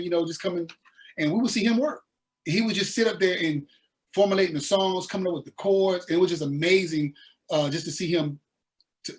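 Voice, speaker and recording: A man from the American South, a musician guest telling his story in a laid-back, animated way with slang. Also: on the high side. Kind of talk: casual interview storytelling.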